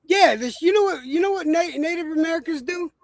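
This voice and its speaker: A man's voice: very high voice, fairly quick, gravelly, dry recording. A man from New Mexico hosting a casual, profane, argumentative chat. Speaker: host.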